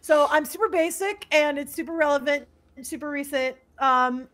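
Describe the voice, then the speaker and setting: A woman's voice: sits high, normal speed, a bit bright. A woman guest on a podcast in casual chat, loose and self-deprecating, laughing often.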